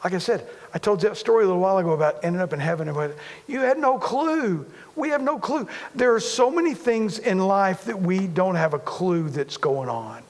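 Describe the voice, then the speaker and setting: A man's voice: high voice, expressive, a little fast, big-room sound. A man preaching a sermon as a pastor, talking conversationally, repeating himself and poking fun at himself. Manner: conversational, repetitive, self-deprecating humor.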